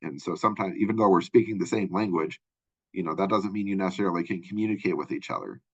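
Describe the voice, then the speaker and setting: A man's voice: low voice, lively intonation, fast talker, breathy edge, no room sound. A man from Minnesota giving a casual recorded lecture as a college instructor, talking in a loose, rambling way with many fillers and tag questions. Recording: dull lo-fi close recording.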